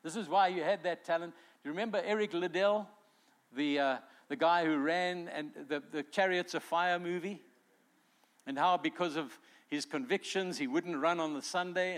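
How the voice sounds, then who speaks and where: High-voiced man preaching with fervor. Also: moderate pace. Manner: animated preaching, voices quotes with swelling emphasis. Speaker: pastor. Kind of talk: sermon.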